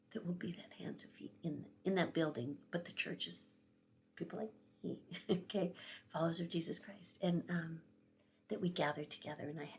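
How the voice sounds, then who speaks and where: A woman's voice: lowish voice, creaky. A tearful woman in her sixties telling a personal story in a vlog, emotional and often dropping to a whisper. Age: 60s. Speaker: vlogger.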